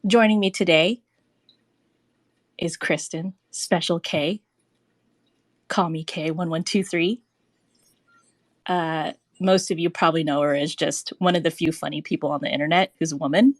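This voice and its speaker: A woman's voice: low voice, steady tone, normal speed, pauses often, no room sound. A young woman hosting a casual live audio chat show. She giggles a lot and swears freely. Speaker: podcast host.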